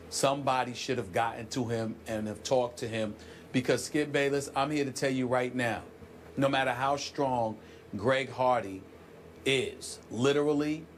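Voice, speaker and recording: Man, forceful, emphatic, sports debate host, bit sick, faint room noise. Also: medium pitch. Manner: forceful, preacherly, builds emphasis. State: sick, clears throat.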